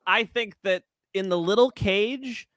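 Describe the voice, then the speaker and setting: A man co-hosting a casual sports betting chat, rambling and animated, swearing often and tripping over his words. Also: high-pitched, measured pace, no room sound, studio quality. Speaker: co-host of a fight betting show.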